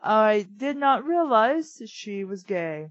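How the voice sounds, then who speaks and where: A woman's voice: medium pitch, very animated, slow pace, dry recording, dull audio. A woman co-hosting a comedy reading show, reading fanfiction aloud and riffing on it in a blunt, sarcastic way with plenty of swearing. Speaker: podcast co-host reading fanfiction.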